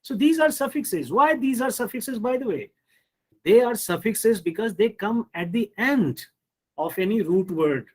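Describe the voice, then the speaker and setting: A man leads a pronunciation lesson in a high, light voice. He talks slowly and patiently. He drills each word in a deliberate, repetitive way. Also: lively intonation, poor audio. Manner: slow, repetitive drilling with frequent "hmm" and "you see". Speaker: English pronunciation teacher. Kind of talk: online lecture on word stress.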